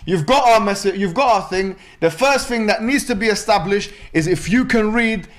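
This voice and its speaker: A man leading a tense debate in a fairly high voice for a man. He speaks forcefully and returns to the same demands until he gets an answer. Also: moderate pace. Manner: forceful, repeats his demands. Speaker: debate host. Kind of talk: heated debate discussion.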